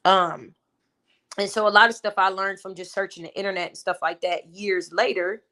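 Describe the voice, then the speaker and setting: A woman's voice: medium pitch, fairly even intonation, normal speed, sharp tone. A woman in her twenties telling a personal story on her vlog in an emphatic, venting way, talking straight to her viewers. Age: 20s. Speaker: vlogger and mother.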